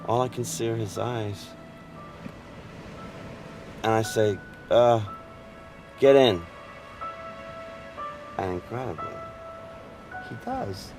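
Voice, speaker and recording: In a dramatic film monologue set over music, a man voices a weary, wistful gay storyteller. His fairly low, expressive voice moves slowly with frequent pauses, shifting from fervent outbursts to hushed confessions.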